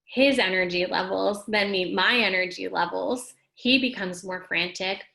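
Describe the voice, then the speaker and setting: A woman hosting a casual motivational talk, speaking straight to her viewers in an animated, emphatic way and reading out their comments. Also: measured pace, creaky, rough recording. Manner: animated and emphatic, rising high when making a point; talks straight to the audience and reads out their comments. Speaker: host of a live wellness talk.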